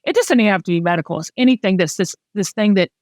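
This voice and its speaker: A woman's voice: medium pitch, animated, fast talker, darkish tone, dry recording, studio quality. A middle-aged woman with a Southern US accent, hosting a podcast and talking candidly and emotionally in casual chat. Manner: emotional, candid, chatty storytelling. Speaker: podcast host.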